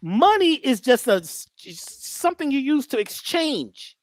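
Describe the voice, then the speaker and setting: A woman's voice: high voice, very animated, measured pace, dry recording, clean studio sound. A woman giving a preachy motivational talk as a guest, full of rhetorical questions, repeated phrases and slang. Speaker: guest teacher on mindset and healing.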